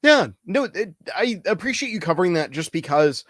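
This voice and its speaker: A man's voice: high voice, very animated, moderate pace, a bit bright, no echo, clean studio sound. A man hosting a casual interview over a video call. He sounds upbeat and laughs easily. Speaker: host.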